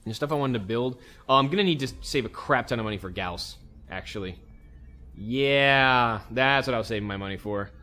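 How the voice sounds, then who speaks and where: An easygoing man talks through his turns in a relaxed, conversational way, thinking aloud as he plays. His voice sits at an ordinary middle pitch, with soft music running under it. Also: fairly quick. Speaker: let's play host. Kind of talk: casual gameplay commentary.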